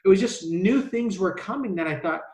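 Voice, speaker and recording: A man's voice: high-pitched, animated, moderate pace, a little mellow. A man with a slightly raised voice tells long stories in a casual interview. He rambles, restarts often and keeps saying "like," and he acts out the people in his stories. The room around him echoes. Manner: rambling, many restarts and "like" fillers. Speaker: travel business owner telling his story.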